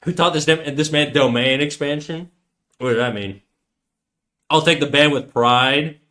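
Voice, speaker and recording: A man streams himself drawing and talks casually to his viewers the whole time. His voice is bright and forceful and sits a little high. He jokes around and plays stubborn when his chat argues with him. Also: measured pace. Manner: joking, mock-defiant banter with chat. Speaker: livestreamer drawing while chatting.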